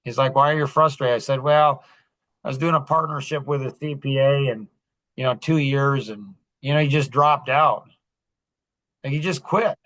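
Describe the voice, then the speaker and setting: Animated storytelling man, bright voice. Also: medium pitch, normal speed, no echo. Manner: animated, acts out quoted dialogue. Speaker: podcast host. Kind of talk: casual storytelling chat.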